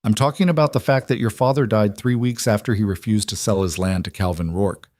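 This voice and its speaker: A man playing a quiet, steady rancher who speaks in a measured, matter-of-fact way. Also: lowish voice, no room sound, lightly acted. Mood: earnest.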